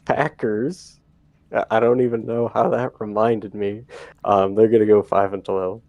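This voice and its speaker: A man's voice: on the low side, flat delivery, measured pace, darkish tone, dry recording, lo-fi sound. A young man co-hosting a casual sports podcast, laughing at his own slips. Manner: giggly, self-deprecating. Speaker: podcast co-host.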